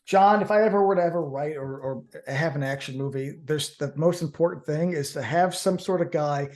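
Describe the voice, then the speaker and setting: A man's voice: on the high side, a little fast, a little mellow. A man co-hosting a casual movie talk show, enthusiastic and rambling, often repeating words and saying "man". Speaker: co-host. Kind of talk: casual chat.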